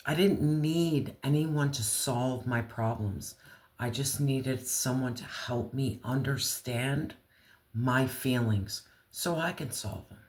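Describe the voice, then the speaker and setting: A tarot reader giving a casual reading, talking straight to the viewer in blunt slang and swearing freely. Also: medium pitch. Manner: speaks slowly, talks straight to viewer.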